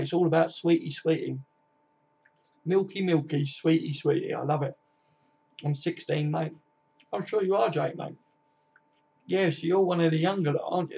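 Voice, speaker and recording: This Kent man in his twenties streams live as a football fan, reading out comments and answering viewers by name with plenty of easygoing, pally swearing. His voice is fairly high, gravelly, husky, and a bit mellow, coming through dull lo-fi stream audio.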